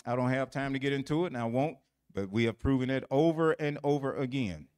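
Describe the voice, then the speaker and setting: A man's voice: medium pitch, a little fast, a little mellow, clean tone. A man teaching a Bible lesson, quizzing listeners with fill-in questions and repeating phrases for emphasis.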